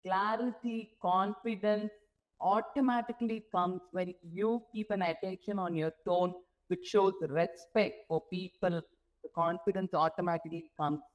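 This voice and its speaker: Speaking at a moderate pace in a steady, medium-pitched voice, a woman motivates an audience of nurses from the stage of a symposium. As the guest speaker, she often asks listeners questions; the audio quality is poor.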